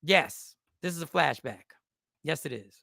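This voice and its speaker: A man's voice: fairly high pitch, expressive, a little slow, vocal fry, sharp tone, dry recording, studio quality. A man in his fifties, a comedian and host, telling a rambling, self-mocking story in a casual style.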